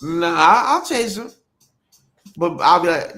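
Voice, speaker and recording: A man's voice: sits high, sing-song, measured pace, pushed and bright, soft background music. A man talking as a guest in a casual podcast chat, laid-back with short replies. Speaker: guest rapper.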